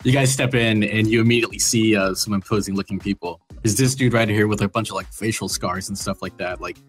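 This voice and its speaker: A young man running a tabletop game as game master, narrating casually with lots of filler words and quick snatches of character voices. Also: lowish voice, fairly even intonation, soft background music.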